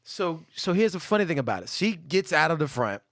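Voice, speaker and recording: Animated podcast co-host, slightly high voice, dry close sound, slangy storyteller who does the other people's lines. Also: male voice, fairly quick, dry recording. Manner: loose slangy talk. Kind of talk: casual storytelling chat.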